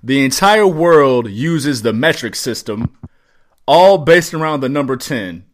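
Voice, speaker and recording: Animated, profane man on a podcast. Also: medium pitch, a little slow. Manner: profane, excitable, riffing rants. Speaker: podcast co-host. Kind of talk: casual chat.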